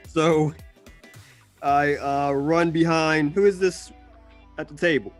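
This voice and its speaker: A man's voice: fairly high pitch, fairly even intonation, slow pace, pauses often, faint music behind. A man playing a tabletop game, describing his moves in a hesitant way, full of fillers. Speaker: player. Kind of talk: casual tabletop game chat.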